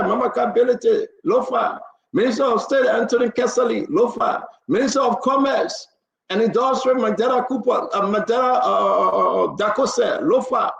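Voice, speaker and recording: Liberian guy hosting a heated political talk stream, high raspy voice, keeps repeating himself to drive it home, echoey room. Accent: Liberian English. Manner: emphatic and repetitive, hammering points home, speaks directly to panelists. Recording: roomy echo.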